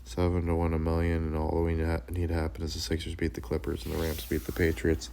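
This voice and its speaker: Deep gravelly dude riffing on sports, swears a lot, talks about himself as coach. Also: male voice, completely flat delivery, fast, few pauses, mellow, a little hiss or hum. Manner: rambling, profane, calls himself Coach in third person. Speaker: sports show host. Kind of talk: casual sports chat.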